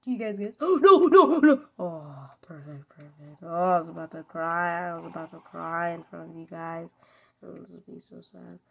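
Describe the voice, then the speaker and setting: A woman's voice: on the low side, fairly even intonation, moderate pace, creaky. A woman giving casual, giggly and teasing commentary while she plays a game. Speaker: gamer. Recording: background music under the voice. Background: music.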